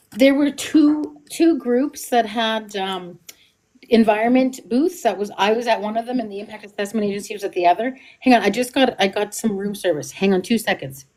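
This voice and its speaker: A woman's voice: medium pitch, darkish tone. A woman talks casually and with animation on a political panel over a video call. Faint noise sits behind her voice.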